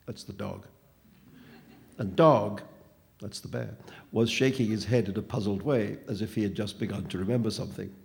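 A man reading a story aloud in calm, measured narration. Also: on the low side, gravelly.

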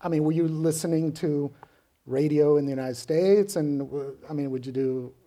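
A man from Mexico City hosts an interview in a mellow, somewhat high voice. He asks curious questions and often closes them with "right?". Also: fairly even intonation, moderate pace. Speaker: interviewer, host. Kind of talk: radio interview.

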